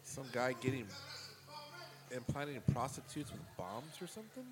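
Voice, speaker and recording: A man's voice: medium pitch, big pitch swings, moderate pace. A man mocking a movie in casual, profane commentary, sarcastic and often laughing. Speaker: co-host watching a movie.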